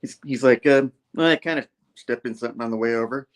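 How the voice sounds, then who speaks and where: A man hosting a casual comic book review show, retelling a story and jumping into quick character voices. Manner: animated storyteller, jumps high for quoted characters.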